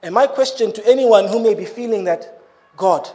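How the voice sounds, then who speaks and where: High-voiced preacher. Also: male voice, moderate pace. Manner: animated, with laughing asides. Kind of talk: sermon.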